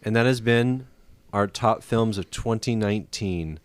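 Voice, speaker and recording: A man hosting a casual film-review chat, laid-back and hesitant, filling pauses with ums and uhs. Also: fairly low pitch, clear, resonant tone, no room sound. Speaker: podcast host.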